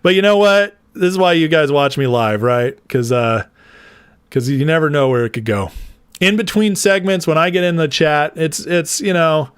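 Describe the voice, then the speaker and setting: A man's voice: fairly high pitch, animated, normal speed, clear, resonant tone, no room sound, studio quality. A man hosting a casual political commentary livestream, chatty and rambling, laughing often as he talks to his viewers.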